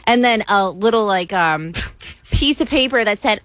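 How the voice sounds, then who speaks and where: A woman's voice: mid-range voice, expressive, moderate pace, a bit bright, no room sound. A woman co-hosting a casual radio show, telling a story in a dramatic, exasperated way. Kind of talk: casual morning radio chat.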